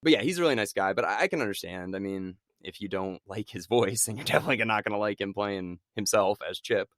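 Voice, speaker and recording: A man co-hosting a casual movie-review podcast, animated and quick to laugh, tossing in quoted lines. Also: fairly low pitch, no room sound. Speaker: podcast co-host.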